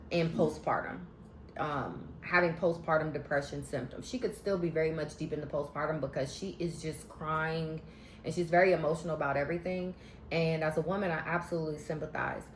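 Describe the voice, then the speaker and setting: A woman talks straight to her viewers in a sassy, animated recap vlog, with a slightly low voice. The room sounds roomy and echoey, with a faint hum behind her. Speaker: vlogger recapping a TV show. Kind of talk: casual recap commentary.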